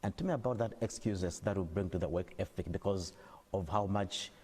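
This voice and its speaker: A man's voice: sits low, fairly quick, a little mellow, slightly rough. A man hosting a TV interview, asking long questions with small restarts. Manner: asks long questions with small restarts, short affirming replies. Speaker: TV news anchor and interviewer. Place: TV studio. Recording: reverberant TV studio sound.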